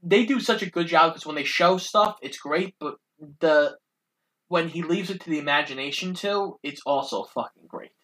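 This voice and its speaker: A man with a bright, forceful voice walks through a film scene by scene in relaxed chat, dropping the occasional swear word. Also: fairly high pitch, normal speed, low-quality recording. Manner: retells scenes step by step, casual swearing. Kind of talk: casual movie recap chat.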